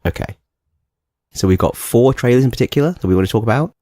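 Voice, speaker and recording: A man with a London accent co-hosting a podcast in casual chat, animated and quick to laugh. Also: medium pitch, no echo, clean studio sound. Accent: London English. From London, England. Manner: animated, laughs often, acts out voices. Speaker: podcast co-host.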